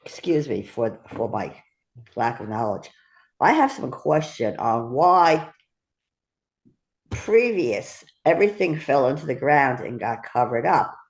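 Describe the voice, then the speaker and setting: A woman's voice: extremely low pitch, animated, unhurried, rough recording. A woman in a study group asking a question apologetically and hesitantly.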